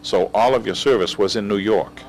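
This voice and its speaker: Low-voiced male interviewer. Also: fairly quick, slight background noise. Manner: brief prompting, encouraging questions. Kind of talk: oral history interview.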